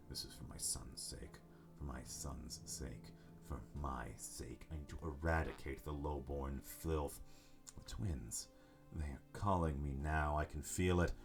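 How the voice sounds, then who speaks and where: A man voicing a zealous, mad old nobleman grandfather in a slow, brooding, menacing manner, lower than his own voice. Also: sharp tone, exaggerated voice.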